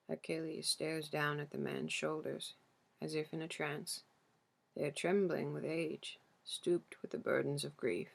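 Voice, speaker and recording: Brief: woman audiobook narrator, unhurried measured delivery with a gravelly edge. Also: low voice, steady tone. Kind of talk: first-person literary narration.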